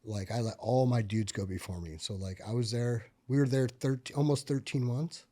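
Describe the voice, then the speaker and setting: Profane veteran telling war stories. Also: male voice, medium pitch, moderate pace. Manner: profane, filler-heavy, gets animated and loud when reliving tense moments. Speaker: podcast guest, military veteran. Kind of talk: casual conversational storytelling.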